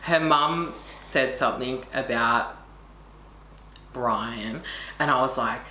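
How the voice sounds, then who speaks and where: Bright, low-pitched passionate storyteller woman. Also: moderate pace. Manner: passionate, swears a lot, acts out quotes. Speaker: co-host telling a story. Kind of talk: casual storytime chat. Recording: echoey room with faint noise.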